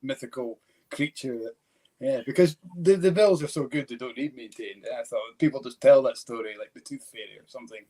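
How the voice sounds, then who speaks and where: A man's voice: medium pitch, a little fast, dark tone. A man hosting a whisky shop livestream, teasing his co-hosts with dry humour. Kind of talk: casual chat on a livestream.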